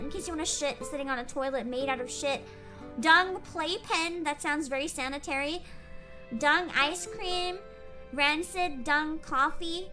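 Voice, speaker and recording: A woman's voice: high-pitched, sharp tone. A woman streamer chatting casually and rambling, laughing often as she talks. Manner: giggly, rambling, frequent laughter. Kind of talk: casual livestream chat.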